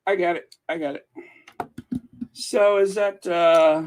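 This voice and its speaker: A man's voice: sits high, fairly even intonation, takes it slowly, clear, resonant tone. A man hosting a royal news channel, reading viewer comments in a rambling, self-amused casual chat.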